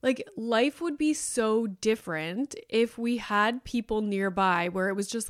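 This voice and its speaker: A woman's voice: fairly high pitch, unhurried, few pauses, dry recording, studio quality. A woman in her thirties hosting a podcast alone, talking in a candid, rambling way with lots of fillers. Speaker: podcast host. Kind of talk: casual solo podcast chat.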